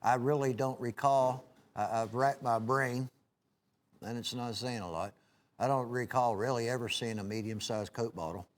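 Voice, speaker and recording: A man's voice: mid-range voice, steady tone, normal speed. Home-shopping host, man, drawl, chatty and rambling, mid-range voice. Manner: folksy, rambling, frequent "uh" and restarts, addresses "folks". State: clearing his throat now and then. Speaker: TV shopping host selling knives. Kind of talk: live home-shopping sales pitch.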